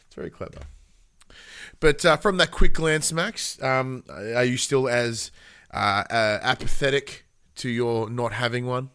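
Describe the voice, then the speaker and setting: A man's voice: medium pitch, expressive, a little slow, bright, forceful tone, clean tone, no room sound, clean studio sound. An Australian man in his thirties, co-hosting a podcast in a casual chat, rambling with lots of fillers and self-deprecating asides. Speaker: podcast co-host.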